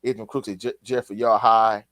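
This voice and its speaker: A man's voice: on the low side, level tone, moderate pace, fairly bright tone, no echo. A man hosting a casual sports live stream, reading viewer comments and giving his opinions in a laid-back, opinionated way. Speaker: sports show host reading live chat.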